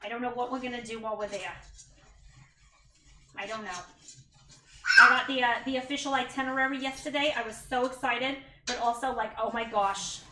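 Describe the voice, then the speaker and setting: A mother livestreams from her home kitchen as she cooks, chatting casually, thanking viewers by name and poking fun at herself. Her voice is a little high, steady and sharp, brisk yet broken by long pauses, captured far from the mic and somewhat off-mic in an echoey room with a little hiss or hum.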